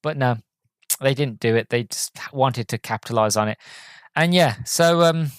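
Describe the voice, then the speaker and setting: A man of middling pitch talks through a casual film review on his podcast. He rambles and hesitates, circling back with fillers and restarts, and he sounds deflated and let down. His voice is recorded close and dry, with no room sound. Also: normal speed, clear, resonant tone, dry recording.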